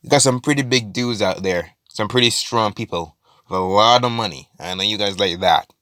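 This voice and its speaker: Man doing a smooth-talking criminal middleman. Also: lowish voice, normal speed, bright, forceful tone, no room sound, studio quality. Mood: calming.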